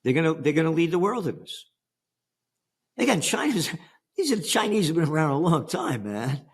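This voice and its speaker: A man's voice: on the high side, very animated, normal speed, husky. An older American man on an interview, emphatic and sarcastic, firing rhetorical questions. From United States. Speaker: interview guest. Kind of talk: animated interview talk.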